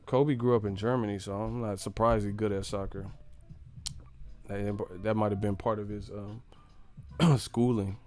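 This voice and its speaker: A young man from the United States, hosting a casual live stream and joking loudly with lots of profanity. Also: lowish voice, steady tone, normal speed, long pauses. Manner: loud, profane, joking, laughs a lot.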